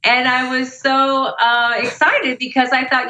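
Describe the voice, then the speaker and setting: A middle-aged woman, working as a motivational speaker, tells a lively story in a casual interview. Her voice is bright, forceful and high-pitched, upbeat and energetic yet unhurried, carrying through an echoey room over a slight hiss or hum.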